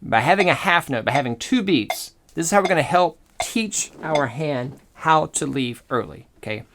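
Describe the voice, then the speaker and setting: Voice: medium pitch, lively intonation, normal speed, fairly bright tone, slight background noise. A cello teacher giving a demonstration lesson, explaining step by step, thinking aloud and often checking in with the listener. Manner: explanatory, checks in often with "okay?" and "all right?"; thinks aloud and corrects itself mid-sentence. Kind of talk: online music lesson, demonstrating.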